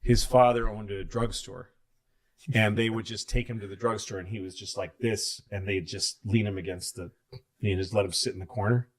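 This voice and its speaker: A man's voice: fairly low pitch, fairly even intonation, moderate pace. A comedian in his fifties, telling rambling, profane stories in casual chat.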